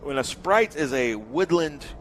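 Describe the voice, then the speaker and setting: A man's voice: a little high, lively intonation, measured pace, fairly bright tone, a little hiss or hum. A man doing live race commentary, joking around and reeling off long lists of drivers and cars.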